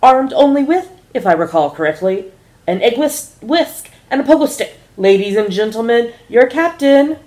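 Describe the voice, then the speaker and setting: A woman reading the part of a sly, smooth-talking male airline first officer in a casual script read-through, in a teasing, mock-formal announcer tone. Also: a little high, expressive, moderate pace, a little mellow, voice pushed up, lightly acted.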